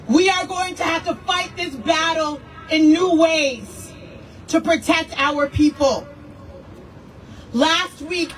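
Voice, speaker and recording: An American woman city councilor giving an angry, forceful protest speech, repeating lines for emphasis. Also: sits high. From United States. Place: outdoor rally. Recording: distant mic with faint noise.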